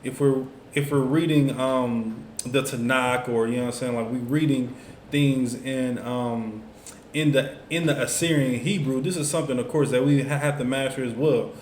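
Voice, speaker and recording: A man with a steady, slightly mellow mid-range voice teaches a class at a moderate pace. His instruction is casual and loose, full of asides and fillers like "you know what I'm saying," in an echoey room with faint noise.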